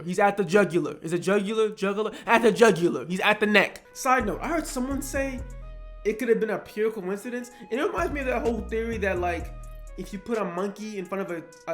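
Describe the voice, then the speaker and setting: A young man giving casual, animated commentary on online drama, joking around with slang and swearing. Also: high-pitched, a little fast, soft background music. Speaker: YouTube commentator.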